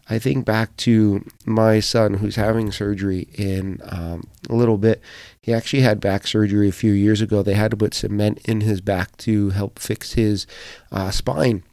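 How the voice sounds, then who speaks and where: A man's voice: lowish voice, vocal fry, dark tone, dry recording, clean studio sound. A middle-aged man hosting a podcast devotional, earnest and encouraging, speaking conversationally with frequent fillers.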